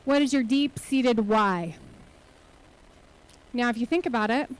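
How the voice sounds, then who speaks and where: High-voiced woman giving a motivational keynote. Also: measured pace, smooth, poor audio. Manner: earnest, rhetorical questions to the audience. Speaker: keynote speaker and nonprofit CEO. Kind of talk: motivational conference talk. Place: conference hall stage.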